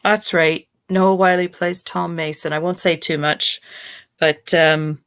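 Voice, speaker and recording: Panelist, mid pitch, agreeable short interjections. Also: steady tone, slow pace, fairly bright tone, smooth. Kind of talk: casual chat.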